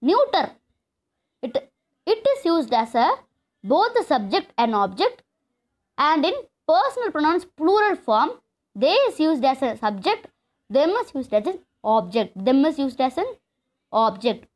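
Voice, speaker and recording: A woman's voice: sits high, very animated, a little slow. A woman teaching an English grammar lesson, explaining step by step and repeating key terms. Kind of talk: classroom lesson.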